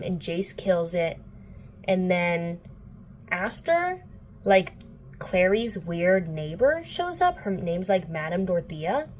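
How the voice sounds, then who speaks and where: There's slight background noise as this twenty-something book vlogger, speaking at a medium pitch, talks through a novel's plot for her channel. She's casual and chatty, leaning on fillers, and has fun quoting the characters.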